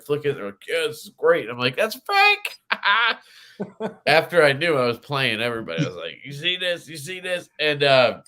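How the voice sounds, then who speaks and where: A man's voice: medium pitch, sharp tone. A man hosting a casual livestream chat, rambling and swearing freely while he laughs. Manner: profane, rambling, laughs often. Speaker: podcast host.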